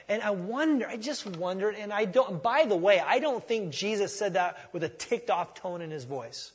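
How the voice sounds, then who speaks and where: A middle-aged man preaching a sermon in a conversational way, moving between soft asides and loud emphatic lines. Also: high voice, expressive, normal speed, few pauses, husky, big-room sound. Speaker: pastor.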